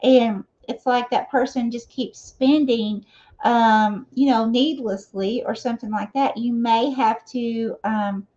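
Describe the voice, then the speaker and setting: Dull lo-fi audio captures a woman reading tarot live in a mellow voice on the high side, slow-paced with a steady tone. Her talk is relaxed and conversational, full of "you know" and "okay?" as she keeps checking in with viewers.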